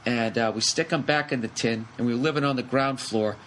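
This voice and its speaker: A middle-aged man hosting a podcast, telling a rambling comic story with lots of swearing in quick animated bursts. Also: mid-range voice, rough recording. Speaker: podcast host. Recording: faint background noise.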